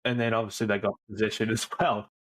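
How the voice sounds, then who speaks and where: A man's voice: fairly low pitch, level tone, quick pace, fairly bright tone. Easygoing man co-hosting a podcast. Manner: easygoing, explains at length. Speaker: podcast co-host. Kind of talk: casual chat.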